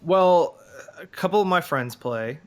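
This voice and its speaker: A man's voice: on the high side, animated, a little slow. A man co-hosting a podcast in casual chat, rambling with lots of fillers. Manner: rambling, many fillers and restarts. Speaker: podcast co-host.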